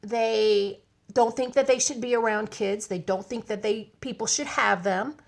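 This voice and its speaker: A woman vlogging to camera, telling a story in a chatty, animated, rambling way with asides. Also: on the high side, measured pace, vocal fry.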